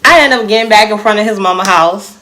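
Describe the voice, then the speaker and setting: A young woman telling a personal story to her viewers in a casual, animated way, often calling them y'all. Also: mid-range voice, fast.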